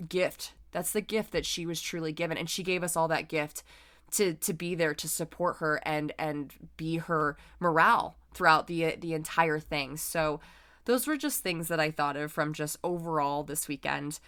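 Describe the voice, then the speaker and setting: A woman's voice: low voice, moderate pace, fairly bright tone, smooth. A young woman hosting a podcast, talking to listeners in a casual, earnest and encouraging way, full of "like" and "right?". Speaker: podcast host and personal trainer. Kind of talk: casual motivational talk.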